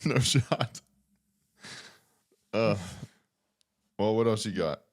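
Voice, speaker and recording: A young man with a very low voice, joking through a casual podcast chat. He is laid-back and laughs often. His voice is recorded close and dry, with no room sound. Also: very slow, no echo. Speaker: podcast co-host.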